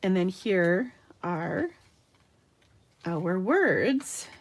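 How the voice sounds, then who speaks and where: A woman's voice: on the low side, very animated, drawn-out words, a little hiss or hum. A woman from Minnesota hosting a live card-making demonstration from her home craft room, chatting and laughing as she works. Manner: chatty, upbeat, laughs often. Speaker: card-making tutorial host.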